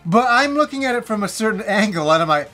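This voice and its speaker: A man in his forties telling a story to camera as a vlogger, animated and laughing, swearing freely. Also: high voice, quick pace, soft background music.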